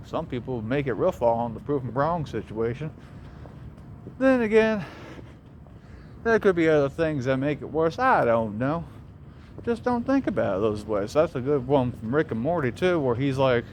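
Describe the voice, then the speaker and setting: Passing traffic on city streets, a young Southern-accented vlogger rambles reflectively into his phone and swears casually as he walks. He speaks at a normal speed in a medium-pitched voice with lively intonation, and faint street noise carries through.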